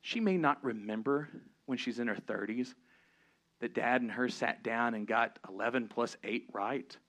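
A man preaching a sermon, earnest, switching between low emphatic points and lively storytelling. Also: normal speed. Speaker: pastor.

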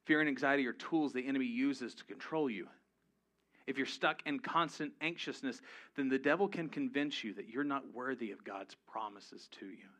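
Bright-voiced pastor preaching. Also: male voice, mid-range voice, normal speed. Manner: conversational, humorous, rising to emphatic peaks. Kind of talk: sermon. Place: church before a live congregation.

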